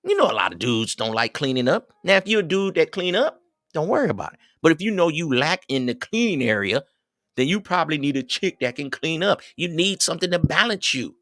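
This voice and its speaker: A middle-aged man, hosting a livestream and giving preachy, animated advice to his viewers. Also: on the high side, fairly quick, no room sound, studio quality. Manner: preachy, animated, quotes others in raised voices. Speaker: livestream host. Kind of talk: casual advice talk to viewers.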